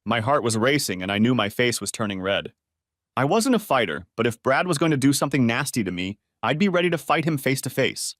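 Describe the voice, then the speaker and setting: A man's voice: medium pitch, very animated, brisk, fairly bright tone, no room sound. Man narrating a story in a dry voice. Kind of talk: scripted first-person narration.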